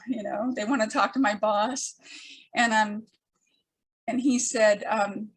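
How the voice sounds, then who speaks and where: An older woman telling a personal story to an audience, with wry humor and frequent pauses. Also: medium pitch, fairly even intonation. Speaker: storyteller speaker.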